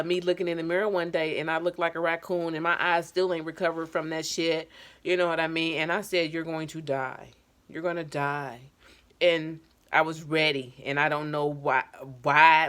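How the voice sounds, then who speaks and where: Low-voiced woman, candid and emotional. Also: fairly bright tone. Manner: candid, emotional storytelling with casual slang. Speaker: addiction counselor. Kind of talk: personal vlog talk.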